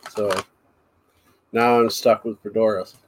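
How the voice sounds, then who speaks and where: A man's voice: fairly low pitch, flat delivery, measured pace. A man hosting a paranormal podcast, chatting casually and teasing his guest. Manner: teasing, joking. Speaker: podcast host. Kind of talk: casual chat.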